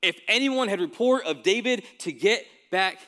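A pastor preaches in a relaxed, everyday way, as if chatting with his congregation, constantly tossing in quick "right?" asides. His voice is a little high for a man, bright and forceful.

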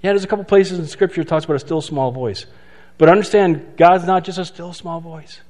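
A man preaching a sermon in a conversational way, asking rhetorical questions and slowing down for emphasis. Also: on the high side, darkish tone. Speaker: pastor. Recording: long hall reverb.

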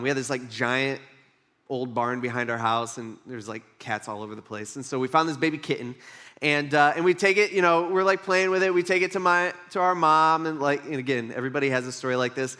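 A man's voice: mid-range voice, steady tone, fairly quick, sharp tone. A male pastor preaching a sermon in a casual, conversational way, telling a personal story with lots of fillers. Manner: casual and conversational, many fillers, acts out quotes. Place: church.

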